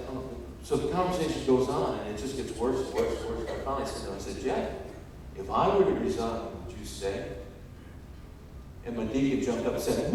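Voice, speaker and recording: Male pastor, sermon, storytelling, loud emphatic peaks, distant mic, long echo in a big church. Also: mid-range voice, slight background noise. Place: large church sanctuary. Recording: echoey hall, distant mic.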